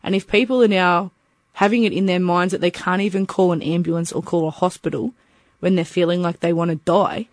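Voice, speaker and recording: A man's voice: high-pitched, fairly even intonation, brisk, dry recording. A young Australian man candidly recounting his experiences, swearing freely and acting out what people said to him. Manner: candid, swearing, acts out quoted voices. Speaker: peer interviewee. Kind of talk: personal storytelling.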